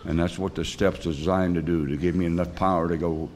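An older man giving a personal recovery testimony at a meeting, telling his story in a rambling, earnest, plain-spoken way with folksy grammar and frequent pauses. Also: low voice, flat delivery, darkish tone, a little hiss or hum.

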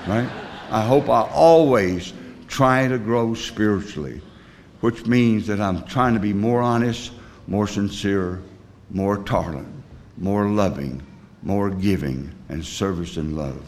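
A man's voice: fairly low pitch, slow, darkish tone. A man sponsoring others in recovery, telling a personal story in a folksy, rambling way, with plain rural grammar and many fillers.

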